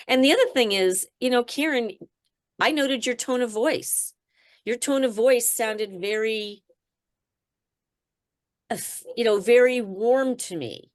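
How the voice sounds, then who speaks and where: A woman's voice: fairly high pitch, slow, long pauses. A woman trainer leading a group discussion in a conversational way, with many fillers, acting out example phrases.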